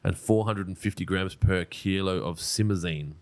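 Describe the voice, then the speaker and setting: A man's voice: low voice, normal speed, darkish tone. A man, co-hosting a podcast in blunt, joking, casual chat. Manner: blunt, joking, swears freely. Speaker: podcast co-host.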